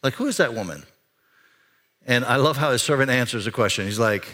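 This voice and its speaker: A pastor preaching a sermon in a church, talking conversationally, climbing higher and louder for emphasis and dropping quiet for serious points. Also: male voice, expressive, fairly quick. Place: church sanctuary.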